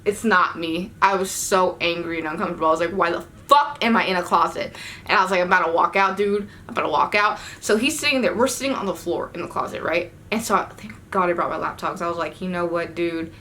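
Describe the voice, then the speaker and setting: Young woman vlogger, bright voice, slangy storyteller with sudden cursing bursts, faint hum behind. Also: fairly low pitch, fast. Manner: animated, swearing, slangy storytelling with sudden outbursts. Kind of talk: casual storytime.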